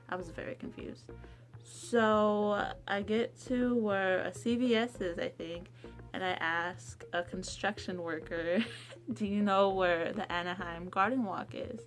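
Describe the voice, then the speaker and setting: A young woman vlogging a casual storytime, chatty, acting out quotes in a higher voice. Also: fairly even intonation, measured pace, faint music behind.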